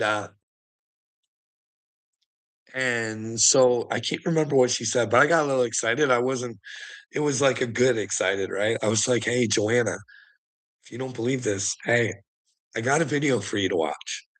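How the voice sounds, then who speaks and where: A man's voice: medium pitch, a bit bright. A middle-aged man telling a heated, profane story in a casual vlog rant, laughing often between lines. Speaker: vlogger.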